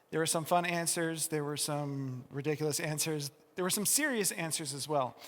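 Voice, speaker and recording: A man hosting a casual group talk, upbeat and jokey. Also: fairly high pitch. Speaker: host. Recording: long reverb in a hall.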